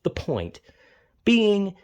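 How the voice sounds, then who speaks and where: A man venting angrily in a monologue, cursing often and calling himself melodramatic, swinging between heated outbursts and low, weary muttering. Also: wildly swooping pitch, very slow, clean tone. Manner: angry, profane and self-described melodramatic. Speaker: vlogger.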